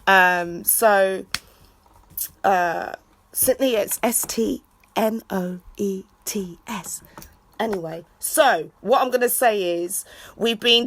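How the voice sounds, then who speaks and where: A woman in a rambling live video chat. She rants and shouts out to friends in an excitable way. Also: medium pitch, takes it slowly, a little hiss or hum. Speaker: vlogger.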